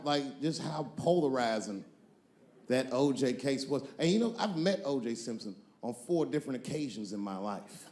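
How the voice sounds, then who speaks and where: A male comedian telling a long story on stage, moving between loud punchlines and low, drawn-out asides. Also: expressive, echoey room. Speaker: stand-up comedian.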